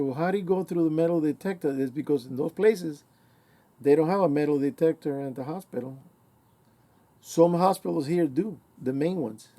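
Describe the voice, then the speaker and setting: A man's voice: fairly high pitch, dark tone. A middle-aged man giving a rambling, conversational opinion monologue, acting out bits of remembered exchanges.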